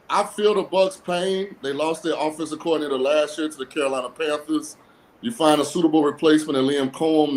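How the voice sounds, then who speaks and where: A man's voice: a little high, slight background noise, rough recording. A man appearing as a guest on a sports talk show, giving blunt, sarcastic takes in a casual way. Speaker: guest football analyst. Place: lives in a cold-weather state.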